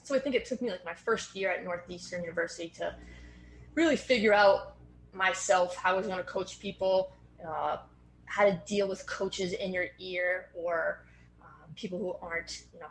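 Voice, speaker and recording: A woman's voice: lowish voice, steady tone, normal speed. A woman in her thirties with a Boston accent, a strength coach talking earnestly as an interview guest, with plenty of fillers. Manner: earnest, organized, frequent fillers. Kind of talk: casual interview conversation. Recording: roomy echo with faint background noise.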